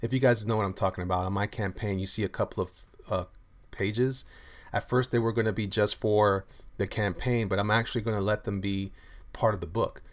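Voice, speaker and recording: On a live stream, a comic artist chats casually in a fairly low, fairly even voice, talking a little fast. He rambles loosely and warmly, restarting often and leaning on fillers while he shows his artwork and reads out viewer comments.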